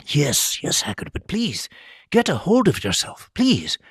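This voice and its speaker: Male reader doing a strict older lady professor, high hushing hiss. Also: huge pitch swings, measured pace, slightly rough, dry recording, clean studio sound, heavily acted. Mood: urgent. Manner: hissing, urgent whisper. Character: stern older woman professor, brisk.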